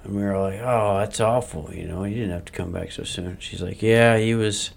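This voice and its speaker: A man co-hosting a podcast, trading deadpan, profane jokes in casual chat. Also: low-pitched, a little fast, gravelly, breathy edge. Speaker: podcast co-host.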